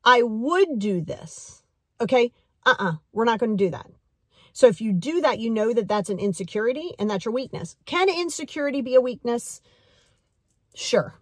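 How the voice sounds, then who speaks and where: Husky earnest woman coach. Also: fairly high pitch, lively intonation, brisk, dry recording, studio quality. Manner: earnest, direct, repeats key phrases for emphasis. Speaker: life coach. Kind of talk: motivational talk to camera.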